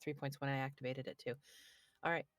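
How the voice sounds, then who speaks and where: Woman, very low voice, dry sound, tabletop player, lively. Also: fast, dry recording. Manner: lively, describes her character's moves. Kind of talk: playing a tabletop game online.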